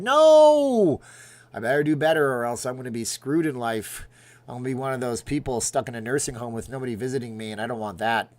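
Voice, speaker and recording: A man's voice: medium pitch, no echo. A middle-aged man hosting a casual livestream, rambling and joking as he reacts aloud to viewer comments. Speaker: livestream host reading chat.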